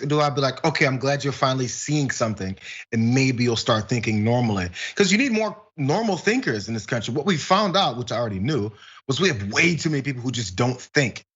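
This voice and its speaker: A man co-hosts a casual online news show and gives blunt, mocking takes on the day's stories. His voice is husky and sits slightly high for a man. The stream audio is dull and lo-fi. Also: animated, fast, a bit bright. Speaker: guest co-host.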